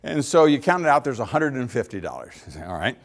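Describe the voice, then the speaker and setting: A man's voice: medium pitch, quick pace. A middle-aged man giving a folksy speech, telling stories with acted-out dialogue and chuckling at his own jokes. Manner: animated storyteller, acts out little dialogues, laughs at own jokes. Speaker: speaker.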